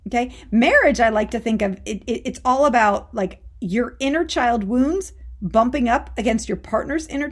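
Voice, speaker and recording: Female coach-host, fairly high voice, punchy conversational pep talk, checks in with "okay?". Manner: emphatic, conversational, addresses listeners as warriors; casual with mild swearing and frequent "okay?". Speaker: life coach and show host. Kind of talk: motivational talk to listeners.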